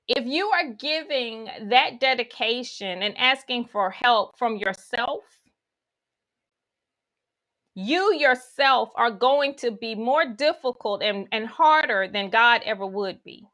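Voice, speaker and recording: Woman, spiritual teaching talk, folksy asides, slightly high voice, bright tone. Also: lively intonation, measured pace, few pauses. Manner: guides listeners through imagery, with folksy asides.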